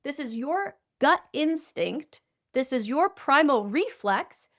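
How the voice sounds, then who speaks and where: Woman, podcast guest, doctor, animated storyteller, lots of fillers, fairly high voice. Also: slow. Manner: animated storytelling, frequent "you know" fillers. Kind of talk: conversational interview.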